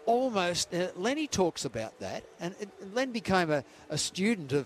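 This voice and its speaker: Brief: man, 60s, higher-pitched, hesitant recollection. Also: sing-song. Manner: halting, many fillers and restarts. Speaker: guest, former batsman.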